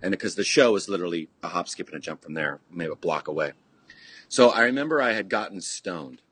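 A middle-aged man from California with a husky, slightly low voice spins a long story as a podcast guest. He rambles, swears freely and restarts often, leaning on "you know". The sound is close and dry, with no room around it. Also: expressive, fairly quick, fairly bright tone, no echo. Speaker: podcast guest, punk musician. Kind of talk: casual storytelling chat.

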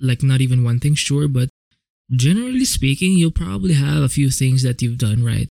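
A man talks alone on his own podcast in a loose, rambling way, dropping curse words and restarting his sentences as he goes. His voice sits at an ordinary pitch with a gravelly edge. The sound is close and dry, with no room around it. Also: lively intonation, normal speed, dark tone, dry recording. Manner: casual, rambling, swears freely, frequent self-corrections. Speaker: podcast host. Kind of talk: solo reflective podcast monologue. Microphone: home podcast microphone.

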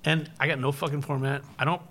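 A profane, quick-talking man who paints graffiti, chatting on a podcast in an average-pitched voice. He laughs between stories. A faint hum of ambience sits behind him. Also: flat delivery, fairly bright tone. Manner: profane, laughs often, rapid bursts. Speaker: graffiti artist and live-stream host. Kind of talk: casual podcast chat, storytelling.

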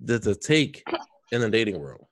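A man's voice: lowish voice, very animated, normal speed. A man co-hosting a podcast, joking and teasing in casual chat. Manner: joking interjections, playful teasing. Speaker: podcast co-host.

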